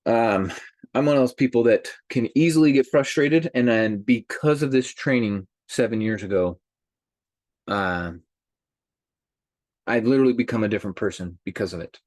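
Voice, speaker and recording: Guy hosting a motivational group call, mid pitch, dry close sound, keeps asking the group stuff. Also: normal speed, no room sound. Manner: animated, addresses listeners directly. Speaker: host.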